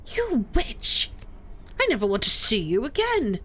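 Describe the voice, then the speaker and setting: A woman voicing a distraught young woman who shouts tearful accusations. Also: fairly high pitch, huge pitch swings, unhurried, exaggerated voice.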